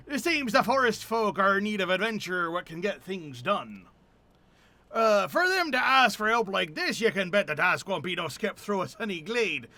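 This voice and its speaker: A hearty, gruff guildmaster, put on by a man, with a rough working-class English accent. The voice sits high and swings widely, with a bright, sharp edge. The manner is salty and bluff. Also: exaggerated voice. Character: hearty rough-spoken male guildmaster, middle-aged. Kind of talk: game dialogue read aloud in voices.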